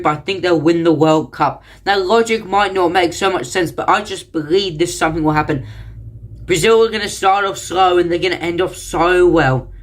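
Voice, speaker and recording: Male host, casual prediction talk, thinks aloud with restarts, slightly high pitch. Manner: chatty, thinks out loud with hesitant restarts. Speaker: channel host.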